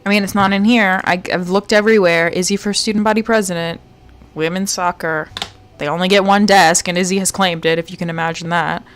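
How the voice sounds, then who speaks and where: A woman's voice: lowish voice, steady tone, a little fast, slight background noise. A woman streamer chatting playfully to herself as she plays a game live, with the odd jokey mock-British phrase. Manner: chatty, playful, talks to herself while searching.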